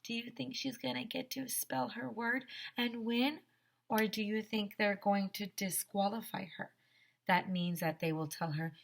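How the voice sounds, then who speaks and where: A woman teacher reading a picture book aloud to young children, expressive and stopping to ask the class questions. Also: mid-range voice, measured pace, vocal fry.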